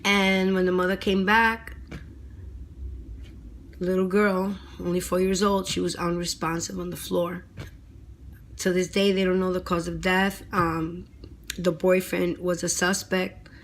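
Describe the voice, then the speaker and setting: A woman vlogger telling a personal story in a casual monologue. She is earnest and dramatic, says "you know" a lot, and sometimes drops to a hushed near-whisper. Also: on the low side, level tone, measured pace, pauses often, a little hiss or hum. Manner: chatty with fillers like "you know" and "right?".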